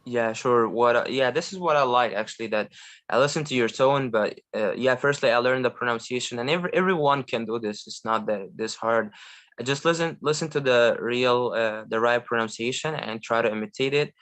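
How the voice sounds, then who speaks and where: An eager young man with an Egyptian accent talks in a casual guest chat. His voice sits at an everyday middle pitch, and he stumbles happily through fillers and restarts. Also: brisk, fairly bright tone. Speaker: guest, language learner. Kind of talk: casual video call chat.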